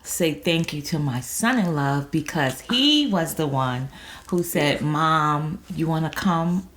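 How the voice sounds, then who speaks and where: Middle-aged woman guest, slow, reflective, emotional. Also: deep voice, expressive, fairly bright tone. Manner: slow, thoughtful, emotional, faith-minded. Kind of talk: candid podcast interview.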